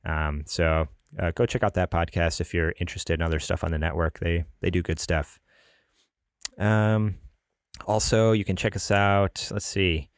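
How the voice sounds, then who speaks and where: A man's voice: deep voice, steady tone, moderate pace, clear, resonant tone, no echo, studio quality. A man hosting a casual gaming podcast, chatty and rambling, often laughing. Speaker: podcast host.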